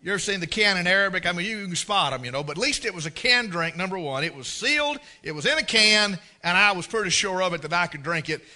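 Bright-voiced preacher man. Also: high-pitched, fast, few pauses. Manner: folksy, animated storyteller who acts out scenes. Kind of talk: storytelling sermon.

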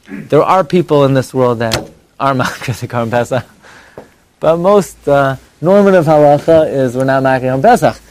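A man teaching an evening religious class to a live audience. He talks in an animated, conversational way, with rhetorical questions and mock dialogue, and he swings between high exclamations and low asides. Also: slight background noise.

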